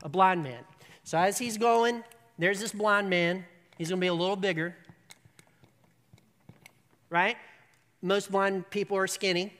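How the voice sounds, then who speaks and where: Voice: medium pitch, fairly bright tone, big-room sound. A preacher giving a sermon as conversational storytelling, checking in with the listeners and acting out scenes.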